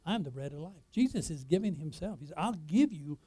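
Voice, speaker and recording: Emphatic preacher with a mellow voice. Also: male voice, on the high side, expressive, fairly quick, slightly rough. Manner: emphatic preaching with rhetorical questions to the congregation; swings between loud declarations and quiet asides. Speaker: pastor. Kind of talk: sermon.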